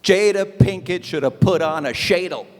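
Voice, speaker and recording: A man doing live stand-up comedy as host of an evening event, with an animated, punchy, wisecracking delivery. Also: high-pitched, moderate pace, long reverb tail, faint music behind. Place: event stage before a live audience.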